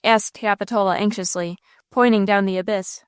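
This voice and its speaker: A woman narrating a classic novel aloud in a measured, expressive way on a close mic. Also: mid-range voice, smooth, no room sound. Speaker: audiobook narrator. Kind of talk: scripted audiobook narration.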